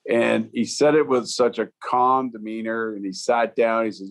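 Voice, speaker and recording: Middle-pitched man in his fifties, a retired hockey pro on a podcast, easygoing and rambling. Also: moderate pace. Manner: relaxed, rambling, many "you know" fillers and restarts. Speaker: former hockey player and coach, guest. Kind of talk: storytelling in a podcast interview.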